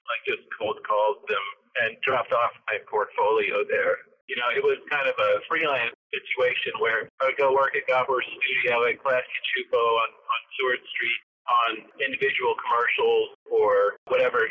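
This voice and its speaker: A man speaks from some distance from the mic, and the sound is a little dull and muffled. He recalls his years as an animator in a loose, conversational way, circling back and restarting his sentences. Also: medium pitch. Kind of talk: interview recollection.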